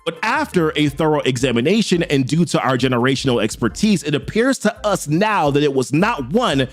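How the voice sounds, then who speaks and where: A man's voice: fairly high pitch, very animated, fairly quick, faint music behind. A man reading as a clinical alien scientist. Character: precise alien forensic scientist, male, clinical.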